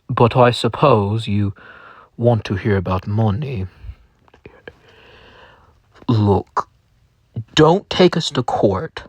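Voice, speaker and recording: A man's voice: mid-range voice, no echo. A man voicing a sheepish, rambling male company boss who stammers and apologizes.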